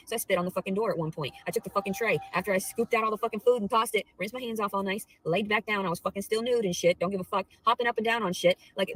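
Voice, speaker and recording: A young adult woman vlogging a profane, rambling rant, swearing constantly and swinging between low murmurs and loud outbursts. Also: low-quality recording.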